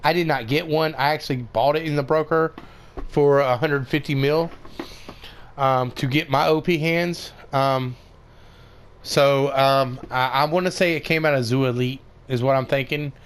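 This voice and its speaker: A man's voice: medium pitch, fairly even intonation, normal speed, clean tone. A man giving casual, rambling commentary over a game tutorial, with many fillers and restarts. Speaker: gaming video creator.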